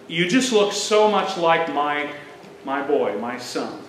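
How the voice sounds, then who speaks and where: Tearful elderly mother, soft and pleading, pitched low , as a male preacher plays her in an echoey church. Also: very animated, slow pace, slight background noise. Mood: sorrowful.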